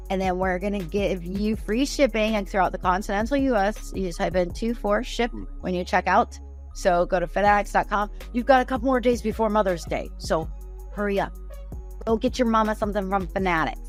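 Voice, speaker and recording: A woman's voice: mid-range voice, fairly quick, faint music behind. A woman co-hosting a casual sports talk show in a playful, teasing manner. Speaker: co-host.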